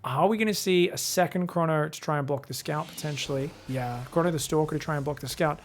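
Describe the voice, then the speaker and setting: A quick-paced man with a voice on the high side provides live game commentary on his own. Rambling and conversational, he speaks right to his viewers.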